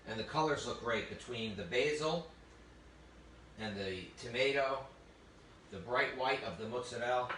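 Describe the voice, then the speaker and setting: A man's voice: medium pitch, normal speed, pauses often, noisy background. A man giving a live cooking demonstration, chatty and enthusiastic with frequent exclamations. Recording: roomy, distant mic with faint ambience.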